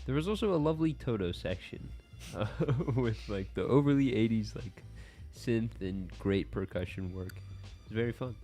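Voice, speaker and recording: A man's voice: on the low side, animated, normal speed, warm tone, soft background music. A man in casual podcast chat, giving laid-back, jokey takes on songs. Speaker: podcast co-host. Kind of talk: casual album review chat.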